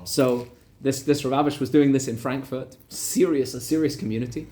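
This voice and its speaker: A man, a rabbi, telling a story in a lively Torah lesson, repeating words for emphasis. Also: medium pitch, normal speed. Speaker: rabbi teaching a weekly class.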